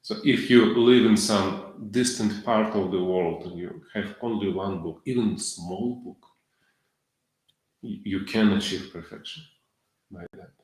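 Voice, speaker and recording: Slow, low man lecturing. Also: darkish tone. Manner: halting, broken English with frequent fillers and self-corrections, chuckling often. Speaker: lecturer on scripture. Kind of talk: devotional lecture. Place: temple lecture hall. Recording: very echoey lecture hall.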